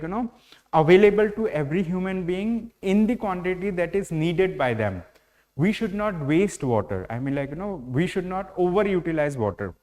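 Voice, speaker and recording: A man's voice: sits high, a little mellow. Indian man lecturing, filler-heavy. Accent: Indian English. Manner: explanatory, heavy use of fillers like "you know". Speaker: current affairs teacher. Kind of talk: online exam-prep lecture.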